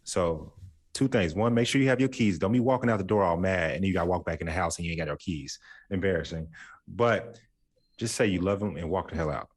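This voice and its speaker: A man's voice: low-pitched, fairly quick, husky. A man hosting a podcast in casual chat, telling stories with jokey, folksy asides. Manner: joking storyteller, folksy asides. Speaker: podcast host.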